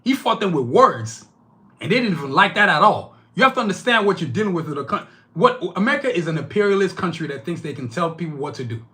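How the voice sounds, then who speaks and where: A man from Nigeria delivering a heated opinion monologue, indignant and forceful, swearing freely and firing off rhetorical questions. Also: sits high, big pitch swings, fast talker. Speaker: political commentator.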